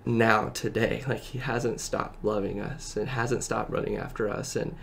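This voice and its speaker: Low, gravelly man sharing an earnest testimony. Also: fairly even intonation, a bit bright, slight background noise. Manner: earnest and halting, heavy with filler words; emotional, close to tears at times. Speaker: podcast guest. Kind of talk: personal faith testimony in casual conversation.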